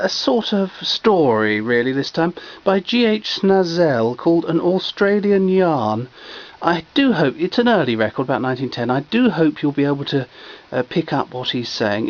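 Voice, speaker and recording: A man's voice: a little high, sing-song, moderate pace, lo-fi sound. A man hosting his channel, chatting in old-fashioned phrasing as he introduces an early record. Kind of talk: casual spoken introduction.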